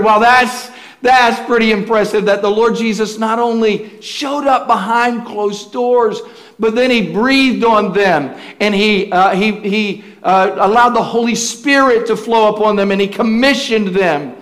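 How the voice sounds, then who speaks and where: A man's voice: sits high, slow, a bit bright. A man preaching a sermon as a pastor, telling stories in a folksy way and often restarting his sentences. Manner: folksy, storytelling, with frequent restarts.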